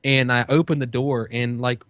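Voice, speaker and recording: A man's voice: medium pitch, fairly even intonation, normal speed, fairly bright tone, no echo. A man in casual podcast chat, telling a long story with plenty of "you know" and "uh". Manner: rambling storytelling, many fillers. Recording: dull dry lo-fi sound.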